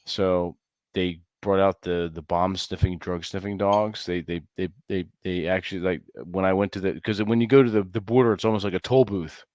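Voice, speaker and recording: Man, very deep voice, halting, repeats words, dry close recording. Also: fairly even intonation, a little mellow, dry recording. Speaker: podcast co-host. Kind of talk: casual chat.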